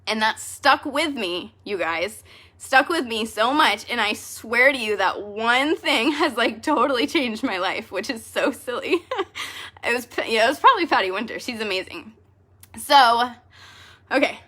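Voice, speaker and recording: A woman with a bright, fairly high voice talks to her team in a casual vlog. She keeps choking up and sounds tearful. She laughs it off, teases herself and pushes on. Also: expressive, unhurried. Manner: emotional, self-deprecating, laughing through tears. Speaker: direct sales team leader.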